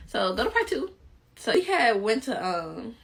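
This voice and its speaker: Lively young woman with gravelly fry. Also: a little high, normal speed, slight background noise. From Chicago. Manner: animated, chatty, peppered with "like" and laughter; talks while doing her makeup. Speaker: vlogger. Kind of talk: casual storytime chat.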